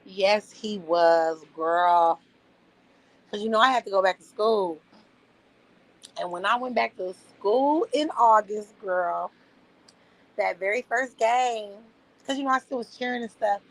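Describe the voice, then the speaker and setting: A woman in her thirties telling a story in a casual, animated way. She swears freely and calls the listener "girl". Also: mid-range voice, unhurried, pauses often, rough recording. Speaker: vlogger.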